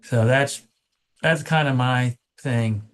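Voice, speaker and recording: A man's voice: mid-range voice, slow pace. A man on a committee talking casually and emphatically during a meeting discussion. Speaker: committee member.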